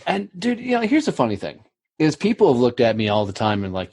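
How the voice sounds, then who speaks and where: A man's voice: medium pitch, wildly swooping pitch, a little fast, a little mellow, husky, no echo, studio quality. A man telling his story on a podcast in a blunt, profane, storytelling way. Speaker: podcast guest. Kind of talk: casual podcast chat.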